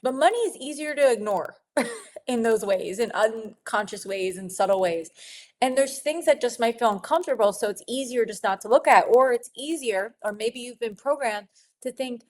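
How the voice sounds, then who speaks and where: A middle-aged woman coach giving a gentle, reflective teaching talk, now and then laughing lightly as she acts out inner voices. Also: a little high, moderate pace, slight background noise. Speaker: spiritual coach.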